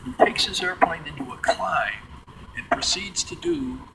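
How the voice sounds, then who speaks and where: A man from the Midwest, guiding a museum tour and telling stories in an animated way. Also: high voice, moderate pace, vocal fry, very noisy. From Midwestern United States. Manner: animated, acts out quotes in character voices. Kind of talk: storytelling tour talk. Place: large museum hangar, indoors.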